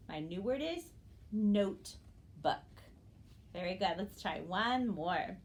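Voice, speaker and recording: A woman teaching young children a phonics game, slowly and clearly, encouraging them to repeat words after her. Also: medium pitch, a little hiss or hum. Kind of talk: early-grade phonics lesson.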